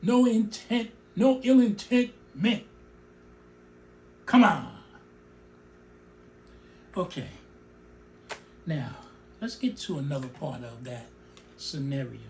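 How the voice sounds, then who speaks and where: Middle-aged male host, emotional opinion monologue, very lively pitch. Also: slow pace, long pauses, a little hiss or hum. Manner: animated, emotional, digresses and comments on his own speech. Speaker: show host.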